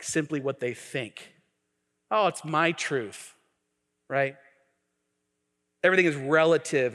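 A man's voice: a little high, fairly bright tone, in a large hall. A man preaching a sermon as a pastor, mixing humor and acted-out quotes. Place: church sanctuary.

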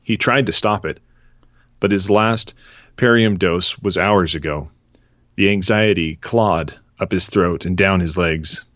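A deep-voiced man hosting a podcast, chatting and reading a story excerpt at a steady, measured pace. The recording is dry and somewhat dull in tone. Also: no echo. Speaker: podcast host. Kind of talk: casual chat and reading aloud.

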